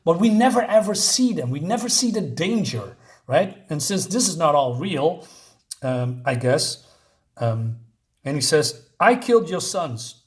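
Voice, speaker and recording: Male comic reviewer, fairly high voice, blunt and sarcastic, casual delivery. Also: expressive, unhurried.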